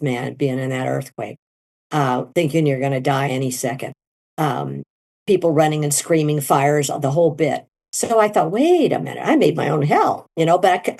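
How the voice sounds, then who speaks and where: A middle-aged woman telling her story in an interview, animated and leaping into high quoted voices. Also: gravelly. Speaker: guest, near-death experiencer.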